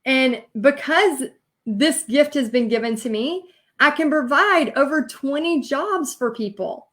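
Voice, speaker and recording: A woman's voice: high-pitched, lively intonation, measured pace, a bit bright. A woman giving a live-streamed training talk as a business coach, earnest and emotional, rambling with many fillers.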